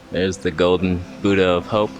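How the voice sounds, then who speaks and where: A man casually vlogging outdoors on a hillside, joking to himself and to the animals around him. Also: medium pitch. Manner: jokey, talks to himself and the animals. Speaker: travel vlogger. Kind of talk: casual vlog narration.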